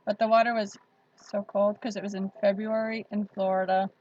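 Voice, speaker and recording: A woman's voice: medium pitch, level tone, fairly quick, a little mellow, dry recording, lo-fi sound. A woman hosting a casual livestream, chatting with viewers and laughing often. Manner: chatty, laughs often, reads out chat comments. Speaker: livestream host.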